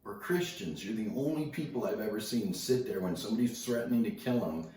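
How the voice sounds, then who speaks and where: A man's voice: lowish voice, fairly quick, mellow, very echoey, distant mic, slight background noise, pitched above the performer's own voice, natural voice, low-quality recording. A man voicing a tough, muscular male ex-convict, quoting him in a raised storytelling voice. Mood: incredulous.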